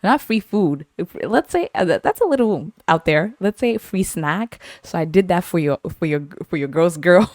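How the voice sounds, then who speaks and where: A woman's voice: lowish voice, very animated, moderate pace, few pauses, darkish tone, no echo, clean studio sound. A woman from Zimbabwe, hosting her podcast and telling stories in a playful, repetitive way. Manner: playful, repeats phrases, laughs often. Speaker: podcast host. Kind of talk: casual storytelling.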